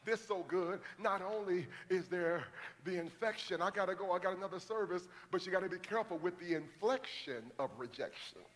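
A man preaching a sermon as pastor of a large church, building to shouted calls to the congregation. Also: high-pitched, normal speed, in a large hall, a little hiss or hum. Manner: preaching, rising to shouted call-and-response.

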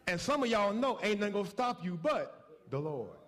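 A man's voice: sits high, sing-song, moderate pace, fairly bright tone. A man preaching a sermon, emphatic and folksy, calling out to the congregation and pushing for responses.

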